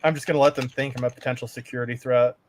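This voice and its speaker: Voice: mid-range voice, steady tone, rapid-fire, background noise. A podcast co-host from Canada chatting casually, telling profane stories and laughing often. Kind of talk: casual chat.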